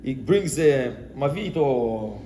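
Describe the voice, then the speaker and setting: A man, a rabbi teaching a Torah lesson in mixed Hebrew and English, animated and acting out the quotes. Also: medium pitch, fast, a little hiss or hum.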